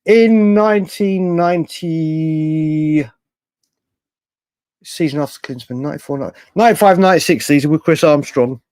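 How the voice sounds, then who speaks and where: Casual male livestream host, slightly higher voice, rambling delivery, reads out and answers chat comments. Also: unhurried, long pauses, a little mellow, clear, resonant tone, no room sound. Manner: rambling, with frequent restarts and fillers. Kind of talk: casual live chat reading viewer comments.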